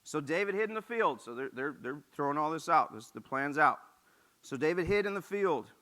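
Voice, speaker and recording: A man's voice: a little high, animated, fairly quick, bright, forceful tone. A man pastor preaching a casual, conversational sermon, reading scripture and breaking in with joking asides.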